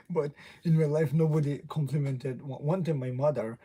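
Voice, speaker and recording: A man's voice: a little high, fairly even intonation, measured pace, pauses often, warm tone, slightly rough. Laughing young man chatting on a livestream. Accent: non-native English. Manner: rambling, laughs often, greets chat viewers. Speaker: livestream host. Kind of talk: casual live stream chat.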